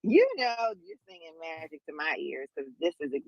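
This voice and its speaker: A woman joining a live stream as a guest, giving low-key replies of agreement. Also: huge pitch swings, moderate pace, vocal fry, no echo, lo-fi sound.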